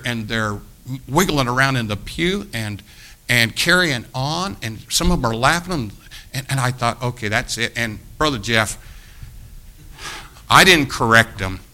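A man preaching, telling a long story about himself in an animated, self-mocking way, acting out the quotes. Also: medium pitch. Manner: animated anecdote with acted quotes, laughing at himself. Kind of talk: storytelling sermon.

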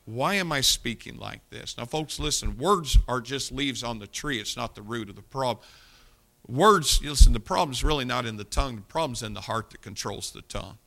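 A man's voice: medium pitch, lively intonation, a little fast, a bit bright. A man preaching a folksy sermon, reading scripture aloud and talking directly to his congregation. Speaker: pastor.

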